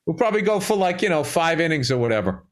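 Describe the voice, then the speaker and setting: Middle-aged man, podcast co-host, slightly high voice, animated and profane storyteller. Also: fast talker. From Massachusetts. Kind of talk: casual chat.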